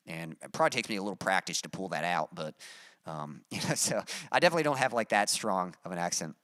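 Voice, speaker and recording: A man from Texas with a mild Texas accent, a musician chatting casually on a livestream and reading out his chat, relaxed and rambling with many fillers. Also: low-pitched, fast, no room sound, clean studio sound. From Texas, USA.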